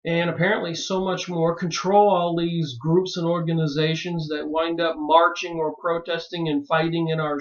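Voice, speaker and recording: Brief: man with a high voice, emphatic monologue, dull lo-fi sound. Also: fairly bright tone. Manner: emphatic, rising to pleading exclamations. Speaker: video maker reviewing books. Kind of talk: monologue to camera.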